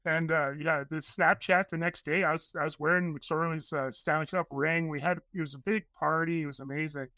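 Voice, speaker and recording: A man guesting on a podcast, telling long excited stories in a rambling way and acting out the voices of people he quotes. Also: on the high side, brisk, hardly any pauses, no room sound. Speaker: podcast guest, documentary filmmaker. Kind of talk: casual interview storytelling.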